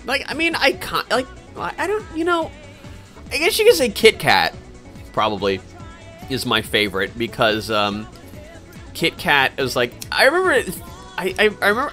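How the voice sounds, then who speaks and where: With faint game music in the background, a young man streams games live and fields viewer questions, his casual talk wandering and halting with lots of fillers and false starts. His mid-range voice comes across pushed and bright.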